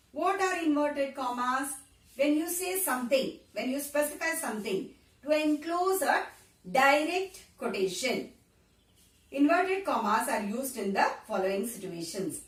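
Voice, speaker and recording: A woman teaching a grammar lesson to a class, repeating points and often asking if the students follow. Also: high voice. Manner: repetitive, checks understanding with frequent "Got it?". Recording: echoey room, voice from far off.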